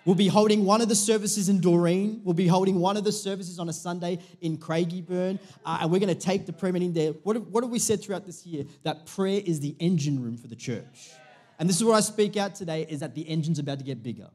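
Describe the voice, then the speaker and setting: A man leads a church sermon with a slightly high-pitched voice. He talks to the congregation casually, cracking jokes and often breaking off and restarting his sentences. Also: fast talker, dark tone. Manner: chatty, jokey, self-interrupting preaching. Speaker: pastor.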